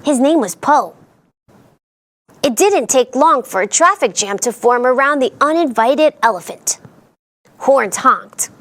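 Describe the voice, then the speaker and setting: A woman reads a picture book aloud to young children, drawing out her words at a gentle, unhurried pace. Her voice sits high and swoops up and down as she slips into playful voices for the characters. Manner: animated, sing-song storyteller voice with playful character voices. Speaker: children's storytime host.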